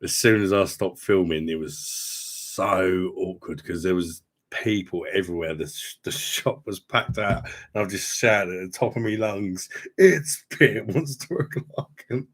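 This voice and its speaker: A man's voice: deep voice, fairly even intonation, moderate pace. A man, hosting a casual livestream chat, swearing and laughing as he talks. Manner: chatty, swears, laughs a lot. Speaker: host.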